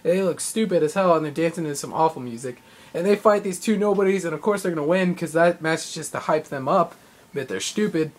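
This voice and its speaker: A young man talks through a live event he went to in a loose, rambling way. He gets excitable, stacks up fillers and slips into acted-out quotes as he goes. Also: fairly high pitch, brisk. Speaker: vlogger. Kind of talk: casual recap of a live event.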